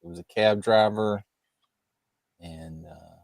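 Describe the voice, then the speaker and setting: A man's voice: mid-range voice, expressive, unhurried, pauses often, darkish tone, dry recording, clean studio sound. A man chatting casually as a panel guest in an offhand, laid-back way. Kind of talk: casual chat.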